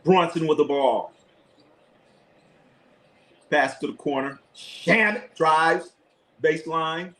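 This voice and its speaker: A man whose voice is a little high and a bit bright talks slowly and pauses often, captured in low-quality audio. He's the host of a live basketball stream, calling the action and tossing out blunt, profane takes to his chat in a loose, repetitive style.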